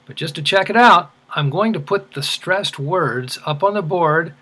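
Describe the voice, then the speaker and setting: A man teaching English as a second language, speaking deliberately and stressing words clearly. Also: on the high side, bright, forceful tone. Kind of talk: slow, deliberate ESL lesson.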